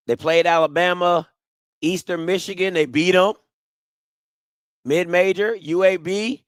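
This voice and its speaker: A man's voice: sits high, fairly bright tone, no room sound. A man hosting a casual sports talk show, reading out team schedules and reacting aloud with exclamations. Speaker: podcast host.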